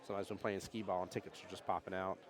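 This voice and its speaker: A man giving jokey, animated live commentary on a pool tournament and reading chat comments aloud. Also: deep voice, rapid-fire, crowd noise. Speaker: pool match commentator and streamer. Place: pool hall during a tournament.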